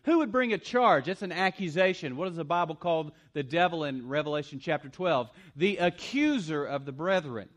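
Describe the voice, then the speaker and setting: A man preaching a sermon as pastor, swinging between loud punchy lines and quiet asides. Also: a little high, expressive, normal speed, few pauses.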